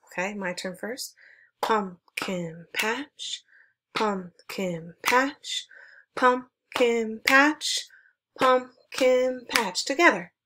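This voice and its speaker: A woman music teacher giving an online lesson for children, speaking clearly and encouragingly as she leads call-and-response chants. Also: medium pitch, fairly bright tone.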